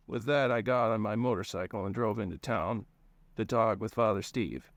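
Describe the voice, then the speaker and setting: A man reads his own first-person story aloud in a plain, easygoing way. His voice sits low, and the recording is dry and close with no room sound. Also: normal speed, no room sound.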